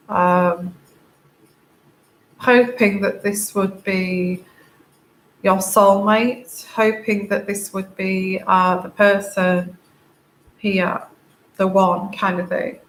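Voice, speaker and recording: Tearful woman tarot reader, halting delivery, slight room echo and faint hiss. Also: mid-range voice, fairly even intonation, a bit bright. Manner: slow, halting, many fillers and restarts. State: tearful, crying. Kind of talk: intuitive tarot reading to camera. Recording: echoey room, faint background noise.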